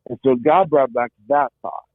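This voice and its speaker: Over a dry, tinny line that sounds like a phone, a middle-aged male guest tells of surviving an ordeal. His mid-range voice moves at normal speed without echo, and he earnestly repeats words as he gropes for what to say.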